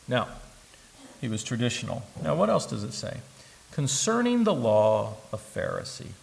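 A male pastor preaching a sermon with a gravelly, creaky edge to his voice. He moves between soft, conversational asides and loud, emphatic bursts, with humorous asides. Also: medium pitch, sing-song, normal speed, low-quality recording. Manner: humorous asides and joking impressions.

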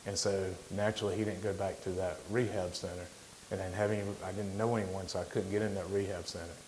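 A middle-aged man giving an informal sermon as a guest speaker, plainspoken, halting, with frequent restarts. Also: low voice, flat delivery, a little mellow, a little hiss or hum, rough recording. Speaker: guest lay preacher.

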